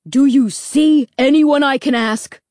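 A woman voicing an angry, frustrated father who is lost while driving, shouting and then muttering. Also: fairly low pitch, expressive, a little slow, no echo, studio quality. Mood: exploding.

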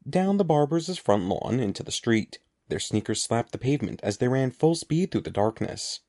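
A man narrating a children's storybook aloud in an expressive, animated way. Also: medium pitch, normal speed. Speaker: audiobook narrator.

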